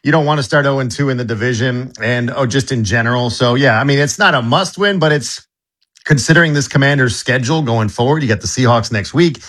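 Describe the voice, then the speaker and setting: A man on live radio giving a sports preview in a casual, halting way. He fills his answers with uhs and starts sentences over. His voice sits at an ordinary middle pitch. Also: fairly bright tone. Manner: casual, halting, with many fillers and restarts. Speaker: sports director.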